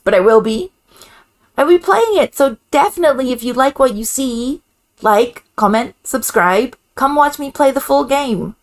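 A woman hosting a casual game reaction video, chatty and excitable, laughing often. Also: high-pitched, moderate pace. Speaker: gaming channel host.

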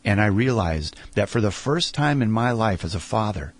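A middle-aged man speaking earnestly in an interview, sharing a heartfelt story about faith and slowing down for emphasis. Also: on the low side, expressive.

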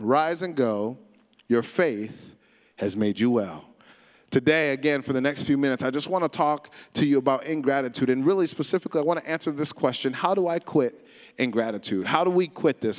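A man with an American accent preaching a sermon as pastor, animated and repeating phrases, asking the congregation to say them back. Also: medium pitch. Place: church service, large hall. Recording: long hall reverb.

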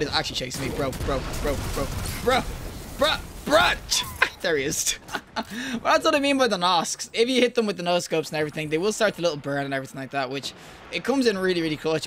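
A young man giving live gameplay commentary, excitable and slangy, talking straight to his viewers and bursting into yells and laughter. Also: fairly high pitch, a little hiss or hum. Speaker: gaming video creator.

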